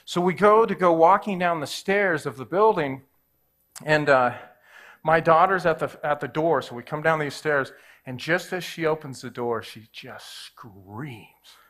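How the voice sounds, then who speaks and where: A man's voice: on the high side, unhurried. A man in his forties, a pastor telling a personal story in a sermon and acting out the voices in it. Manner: animated, acts out every voice in his story.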